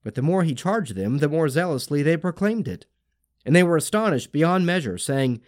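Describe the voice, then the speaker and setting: A man reading scripture aloud for a daily lectionary podcast, in a solemn, measured style. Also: a little high. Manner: solemn, expressive reading with lively rises and falls. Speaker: scripture reader.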